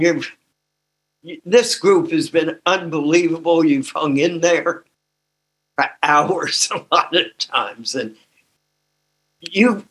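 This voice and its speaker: Older man sharing slowly with a shaky voice. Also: a little high, a bit bright. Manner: slow and emotional, with laughter. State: slight voice tremor. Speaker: recovery workshop speaker. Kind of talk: personal sharing talk.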